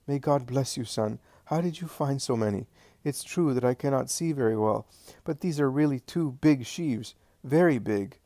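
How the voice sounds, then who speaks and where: A man's voice: mid-range voice, moderate pace, warm tone, dry recording, natural voice. A man voicing a frail, nearly blind old peasant woman who is grateful and full of wonder.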